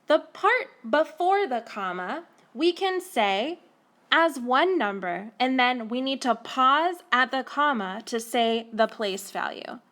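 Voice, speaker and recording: A woman teacher explaining a math lesson to children slowly and carefully, recorded on a tablet. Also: high voice, expressive, a bit bright.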